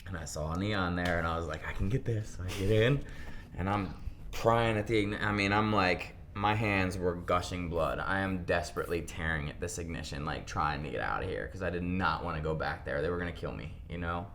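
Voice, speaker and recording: A young man from Pennsylvania, a guest in an interview, telling his story in a casual, animated way and acting out what people said. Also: sits low, fairly quick, slight background noise.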